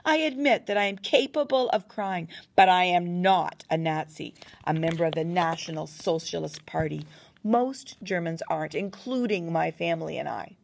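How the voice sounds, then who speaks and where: A woman's voice: on the low side, normal speed, gravelly, slight background noise. A woman reading the part of a young male German soldier who speaks in a terse, clipped, restrained way. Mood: defensive. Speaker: medical orderly.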